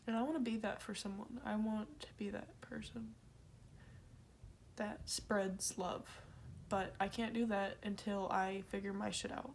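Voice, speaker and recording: A woman talking in a personal confessional vlog, halting and emotional, trailing off mid-sentence. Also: medium pitch, fairly even intonation, vocal fry, a little hiss or hum. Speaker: vlogger.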